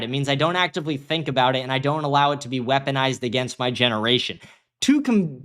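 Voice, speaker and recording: A man's voice: a little high, fairly bright tone. A young man hosting a livestream show, reading viewer comments aloud and answering them in a heated, profane rant. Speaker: host.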